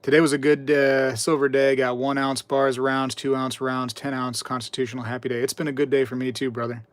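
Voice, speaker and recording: A man's voice: mid-range voice, flat delivery, brisk, no room sound. Chatty man hosting a live stream, dry sound. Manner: chatty, repeats himself, reads chat aloud, tells anecdotes. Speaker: livestream host. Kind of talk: casual live-stream chat.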